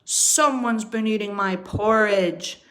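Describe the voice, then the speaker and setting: A woman voicing a gruff grown father bear in a storybook, speaking slowly and with emphasis. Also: mid-range voice, lively intonation, pushed and bright, heavily acted. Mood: indignant.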